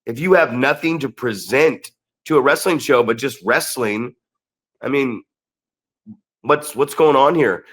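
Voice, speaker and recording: A man co-hosting a wrestling podcast, telling stories in an animated, excitable way with lots of restarts. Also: mid-range voice, measured pace, long pauses. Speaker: podcast co-host and wrestling promoter. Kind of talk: casual storytelling chat.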